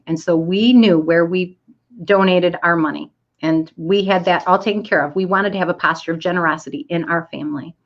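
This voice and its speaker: A middle-aged woman with a somewhat low voice tells a personal story to an online audience. She jumps up high to act out quoted lines. The sound is a little dull and lo-fi. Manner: animated, acts out quoted voices. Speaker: speaker giving a talk. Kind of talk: storytelling talk. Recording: dull lo-fi audio.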